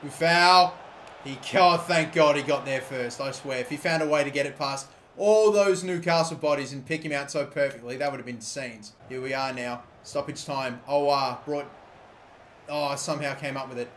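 Excitable gamer, swearing at the match. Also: male voice, mid-range voice, normal speed, a little hiss or hum. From Australia. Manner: excitable, swears, shouts at the game. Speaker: gaming YouTuber. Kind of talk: live gameplay commentary.

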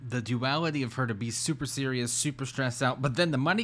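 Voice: medium pitch, brisk, fairly bright tone. A reaction commentator talking over a clip with dry, sarcastic remarks and frequent laughter.

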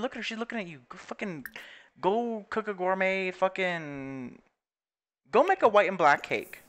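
A man's voice: high voice, lively intonation, moderate pace, fairly bright tone. A young man giving casual, profane commentary on a life-simulation game, laughing often and putting on mocking voices. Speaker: gaming video creator.

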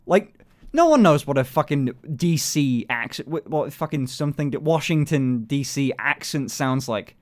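Lively British man chatting on stream. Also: on the high side, moderate pace. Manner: animated, swears a lot, laughs often. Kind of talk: casual live-stream chat.

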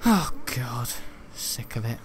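A man's voice: medium pitch, very animated, takes it slowly, a little hiss or hum. A young British man at home in his bedroom, rambling through casual gaming commentary, joking, swearing freely and laughing often. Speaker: gaming video host.

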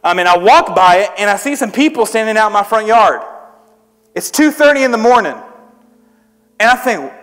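In a sing-song, fairly bright high voice at normal speed, a young man preaches to youth at a church service, leaving long pauses. This traveling preacher jokes at his own expense and tells stories conversationally, with long hall reverb on the recording.

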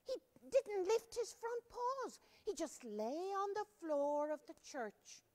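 A woman's voice: extremely high pitch, slow pace. A woman reading a story aloud to children in a library, asking them to join in. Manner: animated, asks children to join in. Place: library room.

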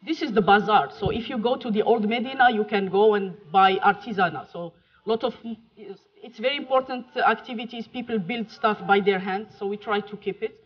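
A woman's voice: mid-range voice, slightly rough. Moroccan woman w/ french accent giving a keynote, chatty and jokey, kinda muffled lofi sound. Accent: Moroccan French-accented English. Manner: chatty, jokey, pauses with fillers. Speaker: keynote speaker. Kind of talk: conference talk with slides. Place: lecture hall. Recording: muffled lo-fi talk recording.

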